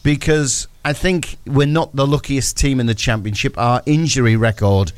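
A man's voice: medium pitch, normal speed, clear, resonant tone, no room sound. A man, recapping a football match on a breakfast radio show, telling it as a story and acting out his own thoughts.

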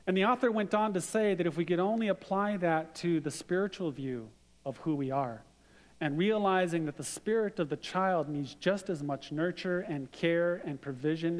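A middle-aged man preaching a sermon in a conversational way, mixing scripture with stories from his family. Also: fairly high pitch. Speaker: pastor. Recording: long reverb of a hall.

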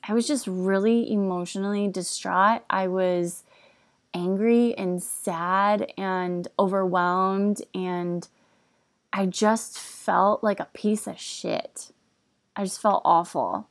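A woman's voice: medium pitch, steady tone, slow pace, no room sound. A young woman hosting a podcast, speaking in a candid, confessional way with casual fillers. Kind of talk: personal reflective talk.

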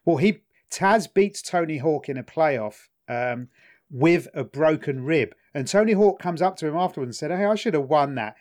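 A young man co-hosting a podcast, relaxed and chatty, retelling stories and quotes in funny voices. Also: on the high side, normal speed. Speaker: podcast co-host. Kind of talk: casual chat.

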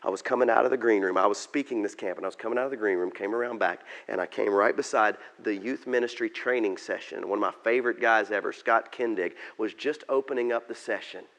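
A man's voice: fairly low pitch, quick pace, hardly any pauses, fairly bright tone. A male pastor preaching a sermon, emphatic and repeating key phrases.

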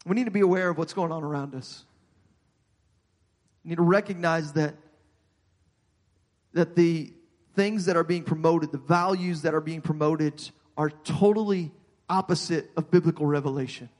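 Pastor guy preaching, kinda high voice, keeps repeating words, big echoey church sound. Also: moderate pace, long pauses, darkish tone. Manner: earnest preaching with frequent repeated words and restarts. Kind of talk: sermon.

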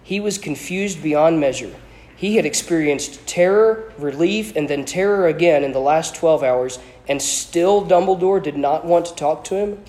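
A man with a somewhat high voice reads a novel aloud to a class and stops to explain it. He slips into casual asides full of hesitations and repeats. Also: moderate pace, darkish tone, roomy sound, low-quality recording.

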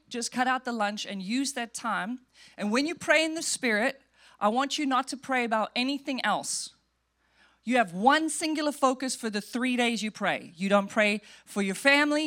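A woman pastor giving a conversational, humorous sermon, acting out quick voices of churchgoers. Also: a little high, a bit bright.

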